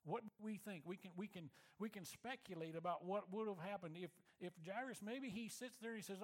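A man preaching a sermon, retelling a story in a conversational way, often repeating words and dropping to a quiet, low voice for emphasis. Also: a little fast, hardly any pauses, low-quality recording. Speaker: pastor.

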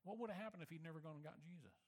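A man preaching a sermon with a fairly high voice. He tells the story in a relaxed, conversational way, stumbling over and repeating words. He often drops to a soft, low tone for emphasis. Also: rapid-fire, low-quality recording. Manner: storytelling, swings from loud to quiet and low. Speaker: pastor.

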